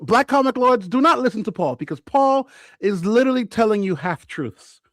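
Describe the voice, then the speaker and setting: Brash New man, high and bouncy, boasting through a story on a podcast. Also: normal speed, no room sound. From Brooklyn, New York. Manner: animated, boastful storytelling with acted-out quotes. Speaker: podcast co-host. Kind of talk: casual chat.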